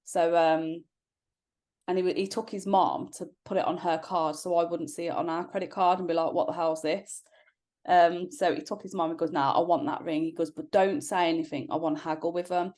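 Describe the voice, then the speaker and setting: A woman's voice: lowish voice, steady tone, moderate pace, a little mellow. A woman, a podcast guest chatting casually and telling stories with frequent laughs. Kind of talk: casual chat.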